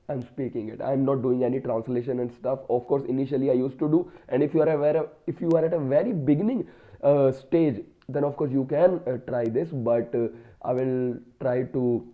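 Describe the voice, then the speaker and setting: A man with an Indian English accent speaks slowly and hesitantly, his talk full of fillers and restarts. He has a cold, and his voice sits at a middle pitch. The sound is thin and tinny, as if recorded on a phone. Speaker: vlogger practicing spoken English. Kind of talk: casual solo talk to camera.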